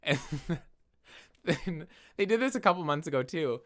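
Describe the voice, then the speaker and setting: A young man co-hosting a podcast in casual chat, animated and quick to laugh, swearing casually. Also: a little high. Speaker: podcast co-host.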